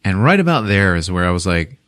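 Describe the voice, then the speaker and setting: A man's voice: low-pitched, big pitch swings, brisk, fairly bright tone. A man co-hosting a podcast who retells a movie's scenes in a casual, comedic way, swearing freely and laughing as he goes. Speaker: podcast co-host. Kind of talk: casual comedic film recap.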